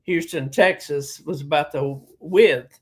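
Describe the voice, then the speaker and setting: Hesitant man with a slightly high voice. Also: slow pace. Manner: hesitant, many fillers. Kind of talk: casual interview talk.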